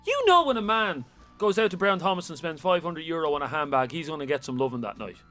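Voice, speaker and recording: Lively teasing radio co-host man. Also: a little high, quick pace, soft background music. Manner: teasing, mock-serious, animated. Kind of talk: bantering radio chat. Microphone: studio microphone.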